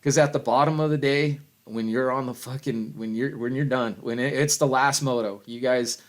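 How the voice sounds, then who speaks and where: A middle-aged man in a rambling, heavily profane rant to camera, with loud swings and frequent chuckles. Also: mid-range voice, steady tone, normal speed. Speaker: vlogger.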